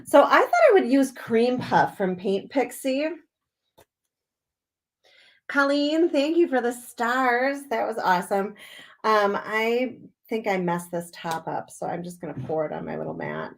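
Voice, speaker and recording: A woman's voice: a little high, lively intonation, unhurried, creaky. A woman from Wisconsin hosting a casual crafting livestream from home, chatting and giggling as she greets viewers by name.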